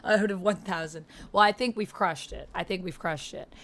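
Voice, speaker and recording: Effusive woman streamer, lowish voice. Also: moderate pace. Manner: effusive, thanking viewers with excited outbursts. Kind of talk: casual livestream chat.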